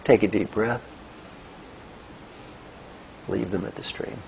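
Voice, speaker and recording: A man's voice: lowish voice, slow pace, creaky, a little hiss or hum, low-quality recording. An older man giving a motivational talk as a coach, guiding listeners through breathing and telling stories. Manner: animated storytelling, gentle coaching. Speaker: executive coach. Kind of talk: motivational talk with guided exercise.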